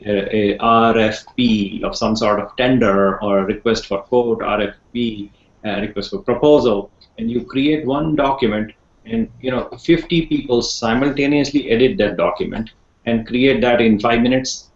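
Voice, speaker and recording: A man's voice: mid-range voice, normal speed. A man teaching an online class on a video call, rambling a little, repeating words and asking his students questions. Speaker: instructor. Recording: echoey, muffled video call audio.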